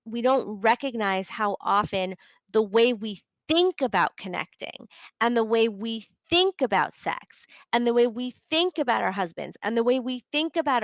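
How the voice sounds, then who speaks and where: A woman's voice: a little high, a bit bright, no room sound, rough recording. Chatty woman coach, many fillers. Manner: chatty, many fillers, acts out quoted inner thoughts. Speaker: podcast host and relationship coach. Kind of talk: casual live coaching talk.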